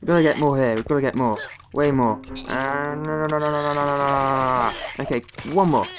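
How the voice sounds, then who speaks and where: A man's voice: medium pitch, fairly even intonation, fairly quick, over music. A young man from the West Country of England doing let's play commentary, exclaiming and grumbling at the game as he plays. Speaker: gaming video host.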